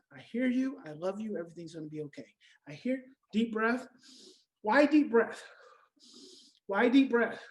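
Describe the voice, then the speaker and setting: A woman giving an emphatic, repetitive motivational talk to parents, swinging between loud stresses and soft, quiet passages. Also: high-pitched, low-quality recording. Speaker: parenting educator.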